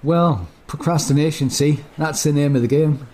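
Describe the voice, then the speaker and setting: A chatty man co-hosting a podcast, playful and competitive as he talks. His voice is dark and mellow. A faint hiss of noise and some room ambience sit behind him. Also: fairly high pitch, normal speed. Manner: chatty, laughs easily, competitive. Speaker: podcast co-host. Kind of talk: casual chat.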